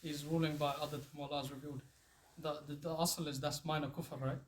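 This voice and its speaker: A man in a class asking a question quickly, checking his points with the teacher as he goes. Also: fairly high pitch, level tone.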